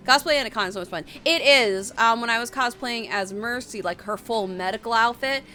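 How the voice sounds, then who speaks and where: Bright-voiced woman chatting on a stream. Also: a little high, brisk, soft background music. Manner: rambling, chatty, reads chat aloud. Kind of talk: casual live-stream chat.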